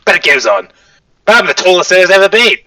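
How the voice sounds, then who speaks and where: A man voicing a pompous small lizard king in a squeaky, nasal tone, rambling through grand proclamations. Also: big pitch swings, quick pace, sharp tone, dry recording, distant mic, heavily acted, low-quality recording. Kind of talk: tabletop game character voice.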